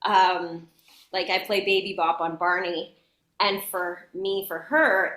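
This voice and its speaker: A woman voice actor chatting as a guest in an interview, bubbly and quick to laugh. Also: mid-range voice, fairly even intonation, fairly bright tone, echoey room. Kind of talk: casual interview chat.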